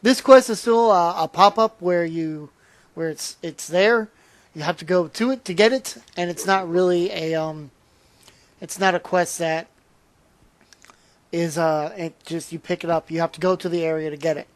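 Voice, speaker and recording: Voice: mid-range voice, normal speed, no echo. Tired host for casual gameplay commentary, yawning, chatty, restarts often, desk mic at home. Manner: rambling, with frequent restarts and trailing asides. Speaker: channel host.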